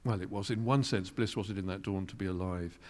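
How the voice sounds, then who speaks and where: A man's voice: sits low, fast, darkish tone. A man, a guest musician telling stories in a wry, articulate, self-deprecating way. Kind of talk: reflective storytelling interview. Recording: long reverb of a large hall.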